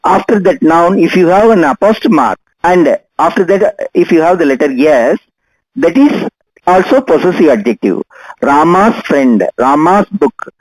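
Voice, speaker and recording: An older man gives a grammar lesson in a high, lively voice that swoops up and down. He talks patiently and goes over each example slowly. The sound is dry and close. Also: husky, dry recording, low-quality recording. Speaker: English teacher.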